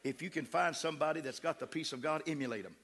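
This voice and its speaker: Brief: middle-aged West Texas preacher, fervent, slightly high, gravelly, church echo. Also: male voice, fast talker, fairly bright tone. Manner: fervent, emphatic preaching with crowd call-outs. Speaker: pastor. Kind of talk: sermon. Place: church sanctuary. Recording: echoey church hall.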